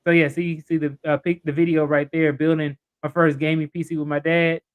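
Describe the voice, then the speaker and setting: A man guesting on a live podcast talks about his channel in a rambling, upbeat way. His voice sits fairly high, and his sentences are full of fillers. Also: little pitch movement, fairly quick, phone-quality sound. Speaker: guest YouTuber. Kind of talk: casual interview chat.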